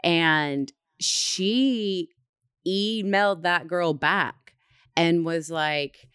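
A young woman, co-hosting a podcast and telling a story in an animated, laughing way. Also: fairly low pitch, extremely slow, clear, resonant tone, no echo, clean studio sound. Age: 20s. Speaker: podcast co-host. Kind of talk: casual chat.

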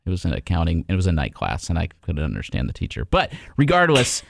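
Low-voiced man telling stories on a podcast. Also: fast, vocal fry, a little hiss or hum. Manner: animated storyteller acting out past dialogue. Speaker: podcast host. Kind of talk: casual chat.

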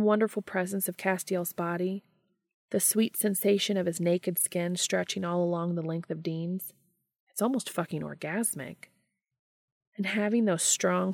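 A woman narrating a romantic fan fiction story in a soft, intimate reading voice, dropping to a hush for dialogue. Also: lowish voice, creaky, dry recording, clean studio sound. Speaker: fanfiction podcast reader.

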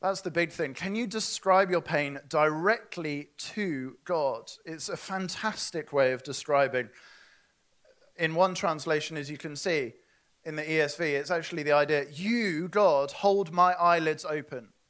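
A man's voice: on the high side, measured pace, a bit bright. A man preaching a sermon, earnest and asking his listeners direct questions.

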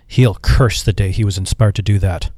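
A man with a fairly low, slightly mellow voice that sits close to everyday speech voices a stiff, defiant male office manager, complaining in a prim and sour tone at a moderate pace. The studio sound is clean with no room sound.

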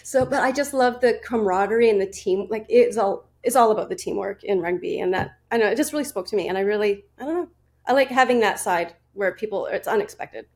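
A woman's voice: mid-range voice, fast, darkish tone. A woman in her forties, a fitness and nutrition coach, chatting as a podcast guest, with frequent laughs and restarts. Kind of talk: casual interview storytelling.

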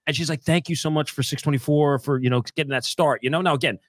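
A man's voice: on the high side, fairly even intonation, no echo. Guy hosting a podcast, keeps restarting his sentences, dry close sound. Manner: rambling, halting, with many restarts. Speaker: podcast host. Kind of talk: casual podcast chat.

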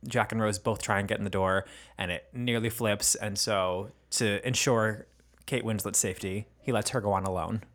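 A man's voice: fairly low pitch, steady tone, moderate pace, fairly bright tone. Male podcast co-host, casual banter, crude jokes, easy laughter. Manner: playful, crude, laughing often. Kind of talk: casual chat.

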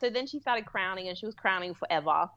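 A woman's voice: mid-range voice, lively intonation, quick pace, sharp tone, lo-fi sound. A woman who works as a midwife, a guest in a remote interview, telling a personal story in a candid, rambling way with frequent laughs. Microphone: remote call.

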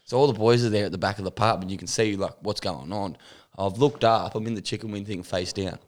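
A man's voice: on the low side, quick pace. An Australian man telling a rowdy story in casual banter, swearing constantly and laughing as he goes. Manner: swears constantly, laughs through stories, acts out quotes loudly.

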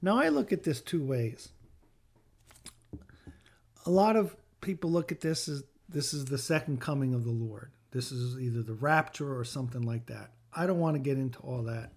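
Earnest higher-voiced man teaching scripture. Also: expressive, normal speed, darkish tone. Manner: earnest, repeats phrases for emphasis. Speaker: podcast host and bereaved father.

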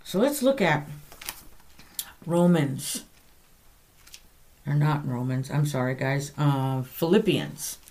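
A woman's voice: sits low, lively intonation, slow, pauses often, darkish tone. A woman hosting a podcast, giving an earnest, conversational Bible teaching and correcting herself aloud as she goes.

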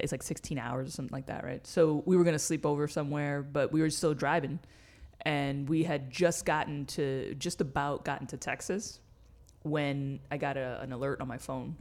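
A woman's voice: low voice, darkish tone. A woman, co-hosting a podcast and telling stories in a blunt, casual way, swearing freely. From New York City. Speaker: podcast co-host. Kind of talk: casual chat.

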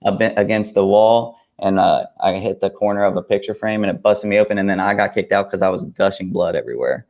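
A man's voice: lowish voice, fast talker, creaky, a little mellow. A young man co-hosting a talk show, chatting casually in a hesitant way full of fillers. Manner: easygoing, hesitant, with many fillers. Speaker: co-host. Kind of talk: casual chat.

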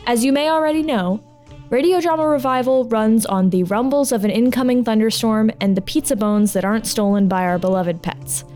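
A woman's voice: mid-range voice, darkish tone. A woman hosting a podcast, reading a lightly joking scripted outro and credits. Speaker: podcast host. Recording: faint music behind.

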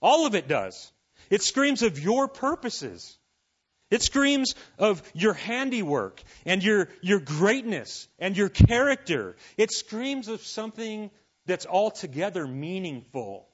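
A man preaching a sermon, reading scripture and making casual, animated asides to his listeners. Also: high voice, slow pace, husky, dull audio. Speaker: pastor.

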